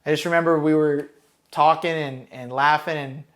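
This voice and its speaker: A Marine combat veteran from Los Angeles County, California, appears as a guest telling war stories in a casual, profane, rambling way with lots of fillers. His voice is fairly high, steady, a bit bright, and moderately paced.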